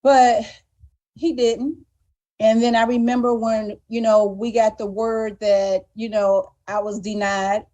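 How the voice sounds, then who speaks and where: A woman guest recounts her experience with a mellow, warm tone and a mid-range pitch. She talks earnestly and with emotion, often stumbling and repeating words before going on. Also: flat delivery, measured pace, few pauses. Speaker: guest telling her story. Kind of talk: candid live-show conversation.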